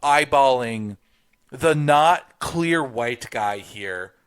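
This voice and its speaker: A man's voice: medium pitch, animated, extremely slow, smooth. A man co-hosting a podcast, walking through a movie scene step by step and quoting the characters. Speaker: podcast co-host. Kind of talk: casual film review chat.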